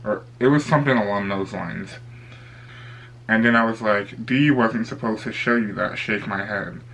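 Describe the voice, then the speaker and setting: Young man with a gravelly low voice. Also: normal speed, a bit bright, low-quality recording. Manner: rambling, retells dialogue with lots of "I'm like". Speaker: YouTuber. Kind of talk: casual storytime vlog.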